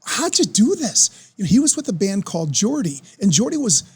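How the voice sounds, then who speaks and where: A man, telling a story as a podcast guest in an excitable, animated way. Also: high voice, fairly quick, husky. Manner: animated, excitable storyteller who acts out quoted voices. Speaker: podcast guest, former football player. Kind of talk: casual storytelling.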